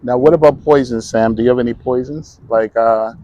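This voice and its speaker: A man's voice: mid-range voice, steady tone, a little fast, dull audio. A man interviewing on the street, asking short questions and giving brief acknowledgments. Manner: brief prompts and backchannels.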